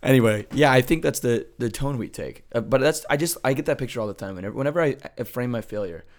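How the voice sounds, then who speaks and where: A man's voice: mid-range voice, fast. A man co-hosting a faith podcast, talking in earnest, loose casual chat and often checking in with "right?". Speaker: podcast co-host.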